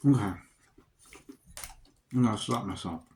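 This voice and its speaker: Low-voiced man chatting over a meal. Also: a little slow, noisy background. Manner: relaxed, rambling, talks to himself between bites. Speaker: vlogger. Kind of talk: casual mukbang chat.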